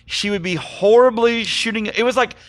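Animated man chatting about movies. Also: sits high, moderate pace, dry recording. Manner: animated, rambling, gets excited. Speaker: podcast host. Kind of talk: casual movie review chat.

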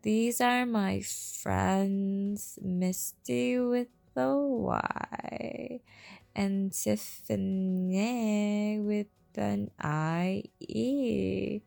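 A woman voicing a falsely sweet young female rival, dragging the words out slow and flat, recorded on a phone. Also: mid-range voice, creaky, full character voice. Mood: fake sweet.

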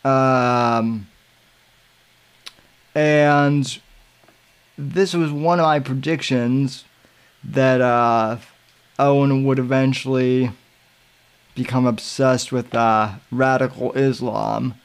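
A man hosting a podcast, giving casual commentary in a halting way with many filler sounds and restarts. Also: mid-range voice, fairly even intonation, clean tone. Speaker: podcast host.

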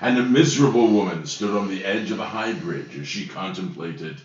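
A man's voice: low voice, moderate pace. A man co-hosting a casual podcast, laughing often and reading a joke story aloud with hammy voices. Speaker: podcast co-host. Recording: distant, roomy, dull lo-fi sound with faint hiss.

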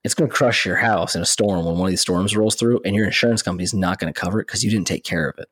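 Husky, low-voiced man ranting casually. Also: fast talker, no room sound. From Texas. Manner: blunt, profane, animated storytelling. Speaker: podcast co-host. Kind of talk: casual chat.

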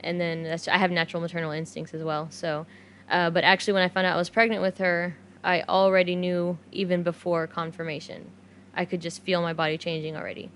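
A woman in casual chat with friends, talking softly and reminiscing. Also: on the low side, level tone, brisk, slight background noise.

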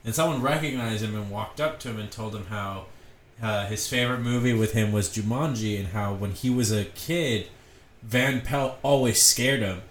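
A man's voice: on the low side, moderate pace, slight background noise. Easygoing man in a roomy echo. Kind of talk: casual chat. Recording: roomy, echoey room sound.

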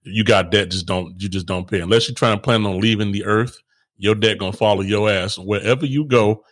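A man's voice: fairly low pitch, fairly even intonation, fairly quick. A man, a parent, co-hosting a casual chat. He rambles, laughs often and talks frankly with slang. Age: adult with kids. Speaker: podcast co-host.

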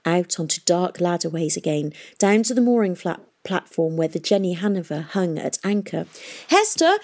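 A woman narrating a novel in a steady, expressive reading voice. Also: fairly low pitch. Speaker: audiobook narrator. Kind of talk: storybook narration.

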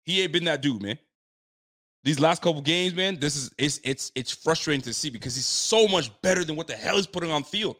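A man's voice: on the high side, expressive, fairly quick, a bit bright. A man giving a frustrated, blunt post-game reaction, repeating himself and using casual slang. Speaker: sports fan commentator.

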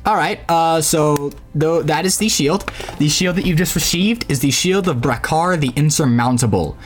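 A man's voice: fairly high pitch, moderate pace, faint music behind. A man running a tabletop game as game master, narrating in a casual storytelling way.

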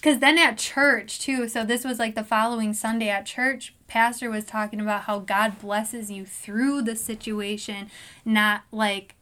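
A woman's voice: unhurried, low-quality recording. A young woman in casual conversation about faith, telling stories and acting out her own reactions with lots of filler words. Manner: animated storytelling, acts out her own reactions in a high sweet voice.

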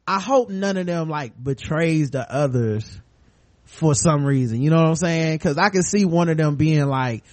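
Guy on a podcast doing a casual episode recap, kinda high voice, acts out the scenes, dry mic. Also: normal speed, dry recording. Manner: animated storyteller acting out scenes in quoted voices. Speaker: podcast co-host.

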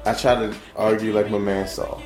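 A man's voice: on the low side, flat delivery, normal speed, darkish tone, roomy sound, faint music behind. A man co-hosting a podcast in casual banter, laid-back and wry, telling stories and laughing along. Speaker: podcast co-host.

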